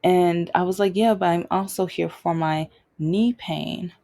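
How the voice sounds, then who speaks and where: A woman's voice: fairly low pitch, a little slow, dark tone. A young adult woman hosting her own show, telling a personal story off the cuff and repeating phrases for emphasis. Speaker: podcast host.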